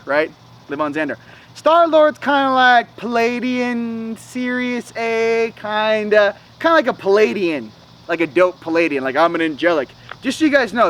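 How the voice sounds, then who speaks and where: A man's voice: a little high, fairly bright tone, a little hiss or hum, low-quality recording. A young man hosting a spiritual vlog, talking in a loose, slangy way with many "you know"s and "okay"s. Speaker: spiritual channel host. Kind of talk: casual spiritual vlog talk.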